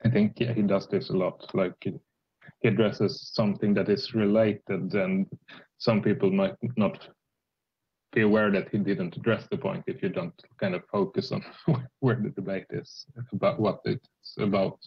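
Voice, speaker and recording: A man with a Swedish accent debating on a voice call, speaking haltingly with many restarts and fillers. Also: fairly low pitch, fairly even intonation, slightly rough, highs cut off. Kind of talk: casual political debate.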